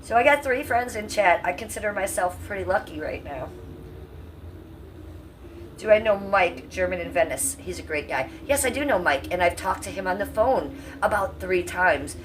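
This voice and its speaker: A woman's voice: medium pitch, animated, moderate pace, recorded from a distance, low-quality recording. A woman in her fifties from Cleveland, casually chatting with her livestream viewers in a salty, talkative way, with an occasional cough. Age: 50s. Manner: chatty, salty, talks to chat. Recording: voice a bit off-mic, faint room hum.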